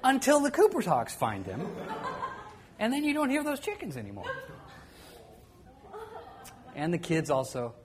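A middle-aged man telling a personal story to an audience in a conversational way, often dropping to a quiet voice and chuckling now and then. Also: high-pitched, wildly swooping pitch, measured pace, long pauses, noisy background.

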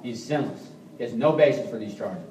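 A man preaching a sermon as pastor, swinging between quiet reflection and forceful emphasis, often restarting his words. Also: mid-range voice, expressive, fairly quick, reverberant, far from the mic, slight background noise, poor audio. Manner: frequent restarts and repeated words.

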